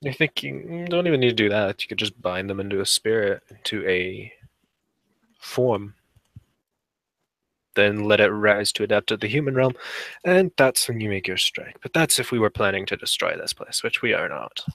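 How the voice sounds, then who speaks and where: A man talks through plans in a tabletop game in a plain, matter-of-fact way. His voice is low yet bright and forceful. It is recorded close, with a dry sound. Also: expressive, moderate pace, creaky, no room sound. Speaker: tabletop player. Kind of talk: casual tabletop role-play.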